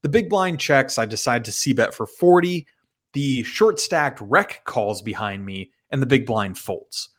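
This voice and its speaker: A man walks through his poker hands one by one in a relaxed, conversational recap. His voice sits at an ordinary middle pitch. He swears freely and pokes fun at himself as he goes. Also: unhurried. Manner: chatty, profane and self-mocking. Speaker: poker player. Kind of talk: casual poker hand recap.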